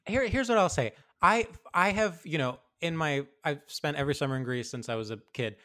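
Comic co-host, man, voice a touch high, lively and halting. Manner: animated, halting restarts. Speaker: podcast co-host. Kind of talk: casual comedic chat.

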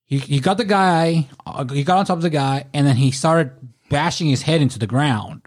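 A man's voice: fairly high pitch, moderate pace. A man, casually telling profane, laughing stories about working as a club bouncer. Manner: profane, laughing anecdotes with acted quotes. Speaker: podcast guest, former bouncer. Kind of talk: casual storytelling.

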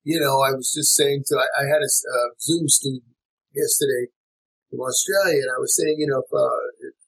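A man who is a jazz musician and teacher, talking in a relaxed interview in a reflective way, with many fillers and restarts. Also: mid-range voice, fairly quick, gravelly, husky, low-quality recording.

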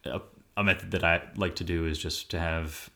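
A man with a very low voice chats casually as a podcast co-host. He talks in a laid-back, playful way, easygoing and unhurried. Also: steady tone, creaky, bright, forceful tone. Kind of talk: casual chat.

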